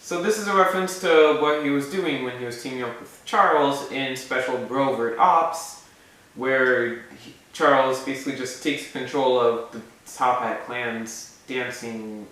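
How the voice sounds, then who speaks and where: A man's voice: medium pitch, measured pace, fairly bright tone. A man casually explaining a fan moveset idea in a rambling way, with frequent asides and self-corrections. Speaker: video maker presenting a fan moveset idea. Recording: very echoey room, mic far off.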